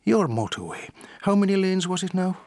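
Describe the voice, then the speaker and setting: A man's voice: high voice, very animated, moderate pace, darkish tone, pitched above the performer's own voice, heavily acted. A man voicing a sly little male leprechaun, telling a joke.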